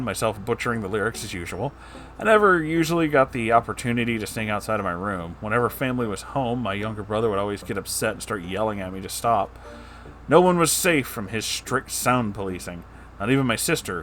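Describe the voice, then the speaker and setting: A man's voice: on the low side, fairly bright tone, a little hiss or hum. A man reading a story aloud and breaking off for casual, sarcastic, profane asides. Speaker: story narrator.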